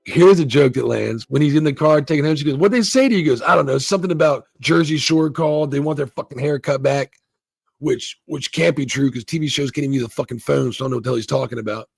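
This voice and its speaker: A man's voice: mid-range voice, quick pace, vocal fry, slightly rough, dry recording, clean studio sound. A man giving a loose, rambling, profane recap and review of a TV episode, acting out the characters' lines as he goes. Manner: rambling, swears a lot, acts out quoted lines. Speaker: show reviewer.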